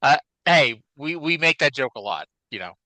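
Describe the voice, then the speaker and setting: A man's voice: fairly high pitch, sing-song, moderate pace, pushed and bright, no room sound, rough recording. A man co-hosting a wrestling podcast in a casual, rambling chat. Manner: chatty, rambling, with fillers. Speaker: podcast co-host.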